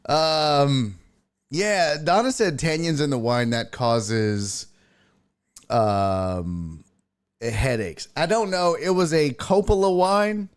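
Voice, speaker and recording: His slightly high voice has a clean tone, and he takes things slowly. He's a podcast host on a live stream, casually cursing, reading out the live chat, and welcoming viewers by name.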